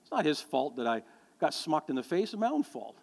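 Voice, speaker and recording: A man's voice: fairly high pitch, brisk, gravelly, a little hiss or hum. A middle-aged male pastor preaching a sermon, telling stories and joking with the congregation. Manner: storytelling, animated, jokes with the congregation. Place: church sanctuary. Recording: long hall reverb.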